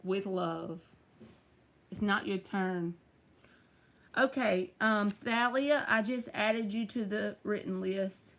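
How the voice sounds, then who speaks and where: A woman's voice: medium pitch, slow, fairly bright tone. A woman running a casual live-stream tarot reading, chatty and teasing as she talks to viewers by name.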